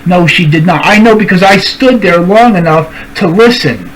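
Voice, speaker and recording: A man's voice: high-pitched, animated, moderate pace, crowd noise, rough recording. A streamer ranting to camera, calling out people by name and repeating his points for emphasis. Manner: confrontational, addresses people directly by name. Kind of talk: angry rant to camera.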